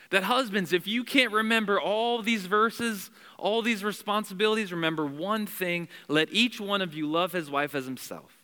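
Emphatic preacher with a bright voice in a reverberant hall. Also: male voice, on the high side. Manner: emphatic preaching with repeated phrases and direct commands to the congregation; conversational asides and self-corrections. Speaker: pastor. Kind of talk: sermon. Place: church before a congregation.

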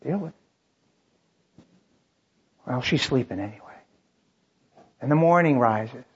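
A man's voice: medium pitch, animated, slow, muffled recording. A man preaching, telling a story in the third person in short dramatic lines with frequent restarts. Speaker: pastor. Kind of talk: sermon storytelling.

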